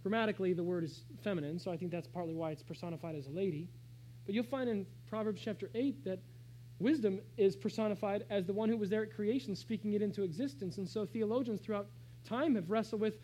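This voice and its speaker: A man preaching a sermon, shifting between hushed, slow phrases and raised, emphatic calls. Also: high-pitched, a little hiss or hum, low-quality recording. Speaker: pastor.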